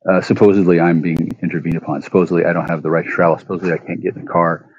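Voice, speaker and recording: A man rambling profanely into his phone at home, stammering through restarts and breaking into sudden loud outbursts. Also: sits low, little pitch movement, very fast, breathy edge, no echo, lo-fi sound. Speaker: vlogger. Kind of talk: rambling monologue rant.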